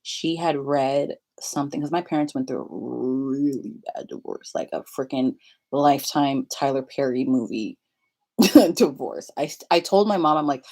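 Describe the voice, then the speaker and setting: A woman's voice: sits low, moderate pace, darkish tone. A young woman vlogging in a rambling confessional chat, full of filler likes and laughing often.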